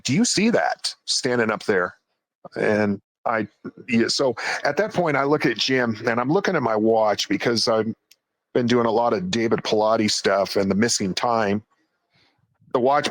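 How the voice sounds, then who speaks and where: A man's voice: medium pitch, no room sound. A man casually recounting a night in the woods, jumping into quoted voices as he goes. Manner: animated retelling, acts out quoted voices. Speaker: guest storyteller. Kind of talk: casual storytelling.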